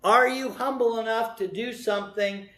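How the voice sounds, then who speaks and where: A man delivers a sermon in a high, light voice. He preaches conversationally, throws questions out to the congregation and wanders into a folksy story with asides. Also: fairly even intonation, normal speed, a bit bright. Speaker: pastor.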